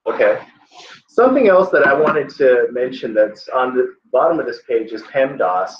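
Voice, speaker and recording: A man's voice: medium pitch, expressive, moderate pace, slight background noise. A male tutor giving a casual classroom lecture, conversational and often checking in with the class. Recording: echoey classroom, distant muffled mic.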